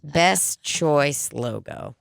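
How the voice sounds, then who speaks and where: A woman's voice: low-pitched, animated, drawn-out words, gravelly. A woman hosting a podcast in casual chat, giggly and playfully crude, getting worked up easily. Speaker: podcast host.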